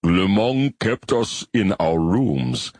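A man voicing a slow, pedantic alien bivalve. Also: sits low, sing-song, darkish tone, no echo, exaggerated voice. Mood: lecturing. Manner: slow, precise, lecturing.

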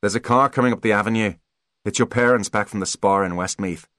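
A man's voice: on the low side, fairly quick, a bit bright, no echo, natural voice. A man voicing a loyal, watchful adult bodyguard in an audiobook, alert and practical. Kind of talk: audiobook character voice.

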